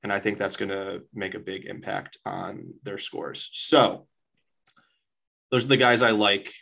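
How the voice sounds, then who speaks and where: Man, podcast co-host, fairly low voice, brash, swears freely, casual banter. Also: steady tone, creaky, pushed and bright, low-quality recording. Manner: brash and profane, quick to banter. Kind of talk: casual chat.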